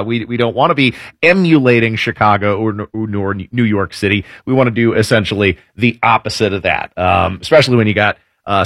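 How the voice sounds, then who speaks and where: A man's voice: medium pitch, fairly bright tone, no echo, clean studio sound. A man hosting opinionated political news commentary, sarcastic and full of hesitant fillers.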